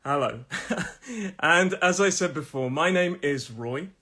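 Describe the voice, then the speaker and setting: A man's voice: fairly high pitch, lively intonation, slow, pushed and bright. A man from Nottingham with a Midlands accent, hosting a live-streamed English pronunciation lesson from his room in a chatty way, often laughing and repeating himself. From Nottingham, England.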